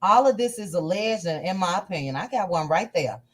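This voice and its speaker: Animated woman chatting on a livestream. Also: fairly low pitch. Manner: animated, playful, drawn-out exclamations. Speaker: livestream host. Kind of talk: casual livestream chat reading viewer comments.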